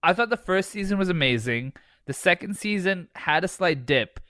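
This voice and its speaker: A man's voice: sits high, expressive, moderate pace, bright, forceful tone, dry recording. A man co-hosting a casual podcast, swearing freely, laughing often and trailing off into restarts. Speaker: podcast co-host. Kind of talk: casual chat.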